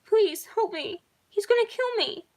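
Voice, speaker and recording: A woman voicing a terrified little girl, sobbing and pleading in a high, shaky voice while reading her own story aloud. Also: expressive, measured pace, darkish tone.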